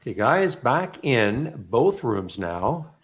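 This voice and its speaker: A man's voice: medium pitch, very animated, takes it slowly. A man hosting a live trading room, chatting in a rambling, self-correcting way.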